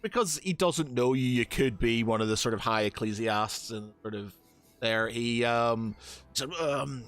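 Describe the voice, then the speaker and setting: Hesitant game master, faint music behind. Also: male voice, mid-range voice, measured pace, fairly bright tone. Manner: hesitant, many ums and restarts. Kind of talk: narrating a tabletop game.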